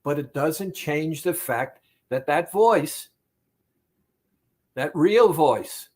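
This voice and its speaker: A man, a therapist, speaking directly to the listener about weight loss in a deliberate, repetitive, emphatic monologue. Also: on the high side, lively intonation, a little mellow.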